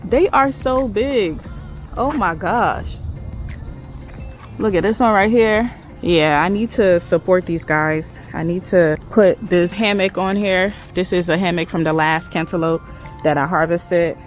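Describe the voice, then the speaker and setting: A woman chatting excitedly to her viewers as she walks through her backyard garden. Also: on the low side, measured pace, faint music behind, poor audio. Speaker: garden vlogger. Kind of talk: casual garden vlog.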